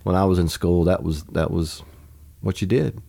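A pastor in his forties chats about family in a low, gravelly voice. His tone is mellow and unhurried, earnest and reflective, and he laughs easily. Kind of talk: casual conversation.

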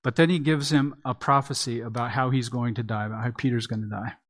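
A man's voice: medium pitch, steady tone, fast talker, a bit bright. A man preaching a sermon as pastor, teaching through a passage in a conversational, expository way with small restarts.

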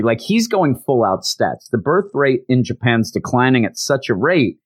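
Brief: casual male host, lively pitch, stammering storyteller, dry close mic. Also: normal speed, few pauses, husky, no echo. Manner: animated storytelling, frequent stammers and restarts. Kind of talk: casual anime recap.

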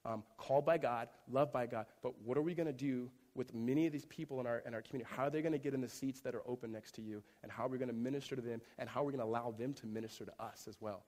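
A man preaching a sermon as pastor, telling a story with growing energy and then dropping to a soft, close tone. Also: medium pitch, very fast, few pauses. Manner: animated storytelling, rising loud in climaxes, hushed in tender moments. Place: church sanctuary. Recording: reverberant church hall.

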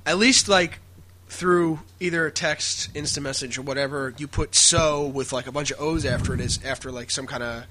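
A man's voice: on the high side, moderate pace, sharp tone, slight background noise. A young man co-hosting a casual podcast, rambling with many hesitations and frequent laughs. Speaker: podcast co-host. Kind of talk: casual banter.

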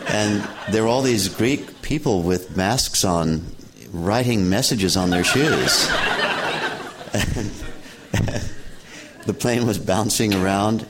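An older man with a very low, calm voice tells a story at an unhurried pace. He sounds gently amused and settled, like a teacher talking easily in an interview. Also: slight background noise. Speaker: meditation teacher. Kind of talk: reflective storytelling.

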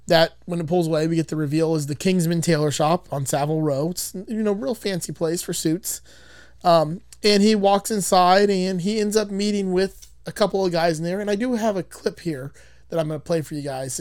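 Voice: mid-range voice, a little mellow, dry recording, clean studio sound. A podcast host casually retelling a movie's plot, rambling with frequent swearing.

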